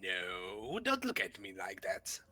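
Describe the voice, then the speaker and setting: Very lively, bright husky man. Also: mid-range voice, normal speed. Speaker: tabletop game player. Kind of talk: casual tabletop game chat.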